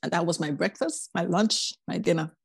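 A woman's voice: on the low side, moderate pace, gravelly, breathy edge, dry recording. A woman, a podcast guest, telling her life story in casual talk and acting out the voices of people in it. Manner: animated, acts out quoted voices.

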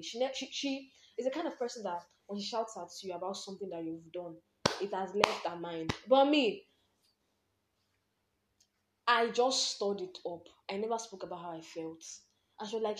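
A woman's voice: mid-range voice, roomy sound. Candid Nigerian woman telling stories. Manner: candid, animated storytelling with Nigerian slang and laughter. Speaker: podcast host. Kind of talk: personal storytelling monologue.

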